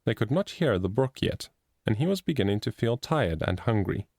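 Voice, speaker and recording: A man narrating a storybook chapter in a steady, expressive reading. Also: on the low side, moderate pace, dry recording, clean studio sound. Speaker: audiobook narrator.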